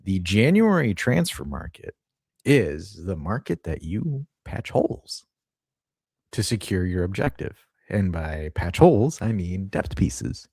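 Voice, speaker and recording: A man with a very deep, husky voice co-hosts a casual live stream. He talks in a blunt, lecturing way and swears freely. The sound is dry and close. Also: very animated, a little slow, a little mellow, no room sound. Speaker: co-host.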